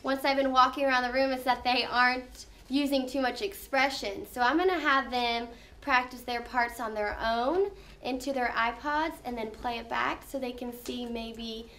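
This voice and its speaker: A woman teaching an elementary classroom, explaining things clearly and step by step in an encouraging way. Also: fairly high pitch, steady tone, normal speed, sharp tone. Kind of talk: classroom instruction.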